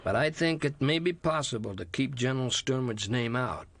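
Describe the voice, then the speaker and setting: A man's voice: mid-range voice, expressive, normal speed, vocal fry. An actor playing a stern, fatherly older law officer in a 1940s-style radio drama, who talks bluntly and lectures.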